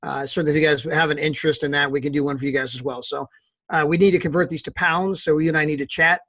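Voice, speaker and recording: A man's voice: fairly high pitch, steady tone, fairly bright tone, no room sound. An American man presenting on a video call, talking in an upbeat, joking way and often repeating himself. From United States. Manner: fast, upbeat, joking, repetitive. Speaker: guest presenter on a team call. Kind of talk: casual online meeting talk.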